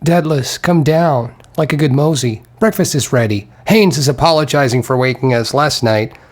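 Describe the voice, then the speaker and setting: A man reading an audiobook who voices a boisterous, mocking young man, loud and teasing. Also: mid-range voice, normal speed, close to an everyday voice. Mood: jovial, teasing.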